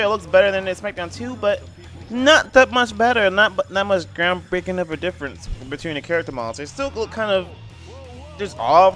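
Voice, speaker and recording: A man's voice: high-pitched, fairly bright tone. A man giving a casual video game review voice-over, rambling and blunt, padding his talk with "I mean" and "like". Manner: blunt and opinionated.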